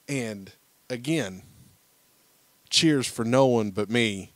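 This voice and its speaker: A man with a lower-pitched voice, co-hosting a casual podcast in his thirties. He tells a family anecdote with lively acted-out quotes. The sound is dry and close. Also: takes it slowly, pauses often, dry recording. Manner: animated storyteller acting out quotes. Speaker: podcast co-host. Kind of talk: casual chat, storytelling.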